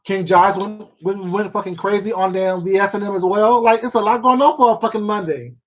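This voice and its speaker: Mid-range and a bit fast, the voice comes from a host on a casual livestream who reads viewer comments. It's rambling gossip with plenty of swearing, repeats and fillers, and the host calls folks baby and sweetheart.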